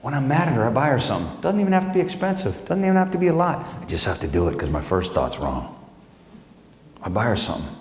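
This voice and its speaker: A man's voice: medium pitch, big pitch swings, quick pace. A middle-aged man doing live stand-up, wry and storytelling. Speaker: stand-up comedian. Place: live stage at a benefit show. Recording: echoey hall, live stage.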